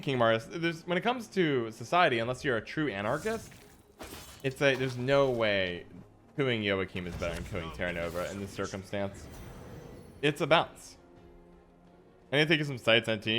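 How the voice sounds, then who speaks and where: A man's voice: medium pitch, a bit bright. Guy streaming a card game, chatting with chat, kinda rambly, faint music in the back. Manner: chatty, musing, self-deprecating. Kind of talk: casual livestream chat while gaming.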